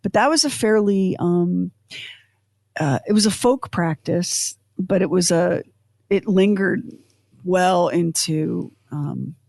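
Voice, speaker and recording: Chatty, gravelly woman podcaster. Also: fairly low pitch, slow, no room sound, studio quality. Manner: chatty, animated, many fillers and asides. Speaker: podcast co-host. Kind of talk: casual chat.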